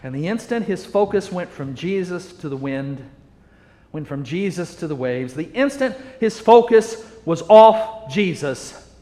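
A man with a high voice preaches a sermon, earnest and emphatic, building his points through repetition. His voice rings out with a long reverb that fills a large hall. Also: lively intonation, a little slow, mellow.

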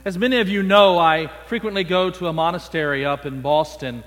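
Bright-voiced male preacher. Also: high voice, brisk, faint music behind. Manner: playful, animated storytelling. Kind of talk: storytelling sermon. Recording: long echo in a large hall.

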